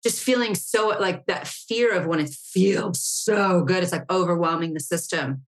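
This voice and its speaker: A woman hosting a casual interview works her way slowly into a question. Her voice sits a bit low and her phrasing is reflective and full of fillers. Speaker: podcast host.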